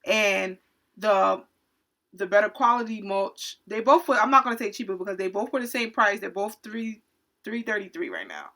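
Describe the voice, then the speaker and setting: A woman who works as a retail cashier, telling a story from her job in an indignant, animated storytime rant. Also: medium pitch, normal speed.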